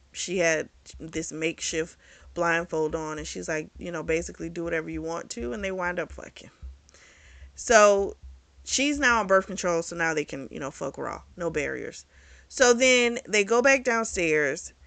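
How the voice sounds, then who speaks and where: Bright-voiced book reviewer recapping a novel, swears a lot, very chatty, dry close sound. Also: mid-range voice, unhurried, creaky, no room sound. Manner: candid and profane, chatty storytelling. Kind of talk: casual book review retelling a plot.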